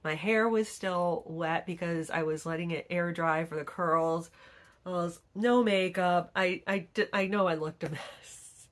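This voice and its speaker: A woman's voice: on the low side, measured pace. A middle-aged woman vlogger telling stories in casual chat, acting out the people she quotes. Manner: chatty storytelling, acts out quoted people.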